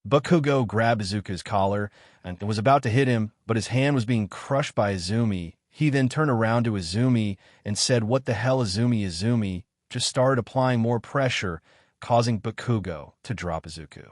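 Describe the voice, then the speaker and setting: A man narrating a fan fiction story in a steady, plain read. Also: fairly low pitch, normal speed, no echo, clean studio sound.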